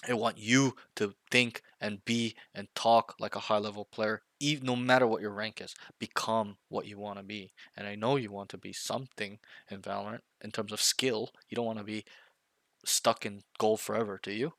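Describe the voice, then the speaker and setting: A man coaching a player one on one, blunt and intense, pressing his points and swearing now and then. His voice sits a little low but has a bright, forceful edge. The sound is dry and close, with no room around it. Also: fairly even intonation, moderate pace, dry recording. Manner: repeats himself, checks in with okay and right. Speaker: game coach.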